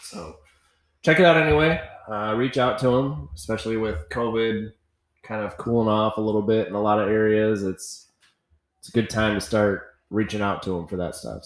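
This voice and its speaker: A man's voice: lowish voice, moderate pace. A man co-hosting a podcast in casual chat, joking with playful asides. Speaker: podcast co-host. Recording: roomy echo.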